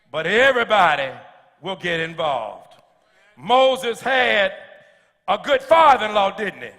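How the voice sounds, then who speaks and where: A man preaching a sermon as pastor, calling out to the congregation and building to shouts, with touches of humor. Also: high voice, long reverb tail. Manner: slips in humor. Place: church sanctuary.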